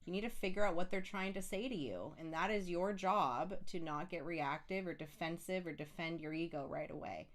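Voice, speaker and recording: Blunt, emphatic woman co-host. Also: lowish voice. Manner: blunt, emphatic, quick to jump in. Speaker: podcast co-host. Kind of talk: casual relationship chat.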